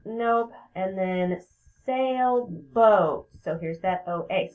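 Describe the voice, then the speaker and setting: Slow-talking teacher woman, tinny audio. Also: on the high side. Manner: patient, sounds words out slowly and repeats them. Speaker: elementary school teacher. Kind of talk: recorded spelling lesson for children. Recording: tinny phone-like audio with steady background hiss.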